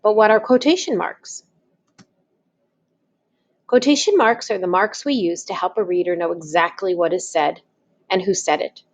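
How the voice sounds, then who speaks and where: A woman's voice: on the low side, moderate pace, pauses often. A woman teaching, talking patiently and spelling things out step by step. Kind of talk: slow, deliberate classroom explanation.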